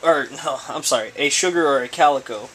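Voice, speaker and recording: A man's voice: mid-range voice, a little fast, a bit bright, slight background noise, low-quality recording. A man chatting casually while unboxing, rambling and stammering with many hesitations as he talks about breeding snakes.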